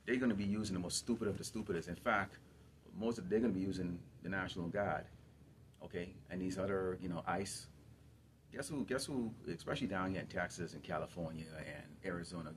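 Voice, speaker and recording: A man's voice: sits low, a little mellow, a little hiss or hum. A man preaching to a congregation, emphatic and repetitive, often putting questions to his listeners. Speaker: camp teacher.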